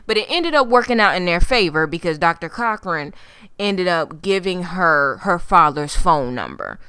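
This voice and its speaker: A woman's voice: on the low side, clean tone, no echo. A woman giving a casual, profane and sassy recap of a TV episode, talking straight to her viewers. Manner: profane, sassy and animated, heavy swearing; chatty with fillers, addresses viewers as y'all. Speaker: TV recap vlogger.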